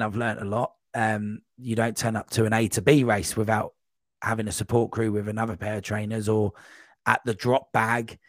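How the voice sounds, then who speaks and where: A man's voice: on the low side, dry recording. Dry-sounding man telling a rambling story. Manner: rambling, animated anecdote with quoted voices. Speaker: podcast guest. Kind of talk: casual storytelling.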